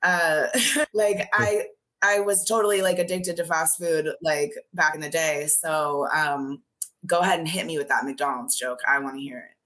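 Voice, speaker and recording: A woman's voice: low-pitched, steady tone, moderate pace, a bit bright. A woman chatting casually on a podcast over a video call, filling her talk with "like" and laughing often. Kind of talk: casual chat.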